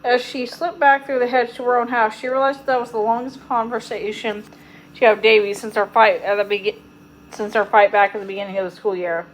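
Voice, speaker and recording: A woman reading a children's chapter book aloud in a gentle, steady storytelling manner. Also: a little high, fairly quick, a little hiss or hum, rough recording. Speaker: storybook reader.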